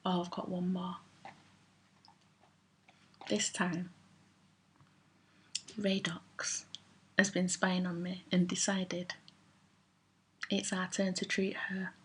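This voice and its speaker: A woman's voice: fairly low pitch, monotone, slow pace, long pauses, fairly bright tone, a little hiss or hum. A woman vlogging in a chatty, rambling, self-mocking way about favourite products. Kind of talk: casual chat to camera.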